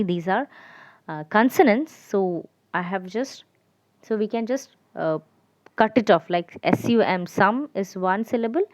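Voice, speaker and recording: A woman teacher giving a lesson to children, repeating and spelling out letters slowly. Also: medium pitch, a little mellow, no echo. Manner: slow, repetitive, spelling out letters.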